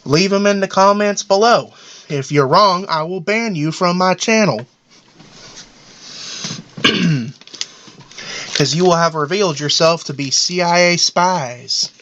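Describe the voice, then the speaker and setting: A man's voice: sits high, slow, long pauses, a bit bright, slight background noise. A man voicing a paranoid, boastful middle-aged cartoon dad in a rambling, self-important comedic monologue. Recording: dull lo-fi audio.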